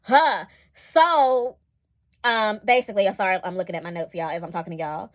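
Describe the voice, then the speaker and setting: A woman giving a casual spoken review of TV episodes, chatty and expressive, with colloquial asides and frequent digressions. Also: medium pitch, moderate pace. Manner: chatty and expressive, laughing and acting out scenes. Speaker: series reviewer.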